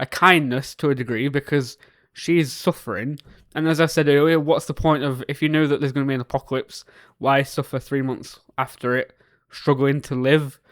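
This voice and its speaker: Excitable man reacting out loud. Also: on the high side, no room sound, studio quality. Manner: excitable, swinging between shouting and muttering. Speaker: reaction video host. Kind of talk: reacting to a TV series.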